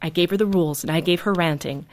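A woman's voice: fairly low pitch, fast. Earnest woman telling a parenting story. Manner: earnest, animated, laughs often. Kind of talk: storytelling in a radio interview.

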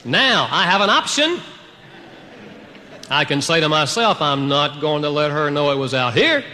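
A man preaching a sermon to a congregation, telling a personal story in an animated way, swinging between loud outbursts and hushed, quiet passages. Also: on the high side, normal speed, long reverb tail. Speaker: pastor.

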